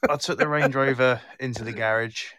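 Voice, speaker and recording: A man's voice: medium pitch, steady tone, fairly quick, bright, forceful tone, no echo, studio quality. A man telling a story about his car on a casual live chat. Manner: storytelling, exasperated.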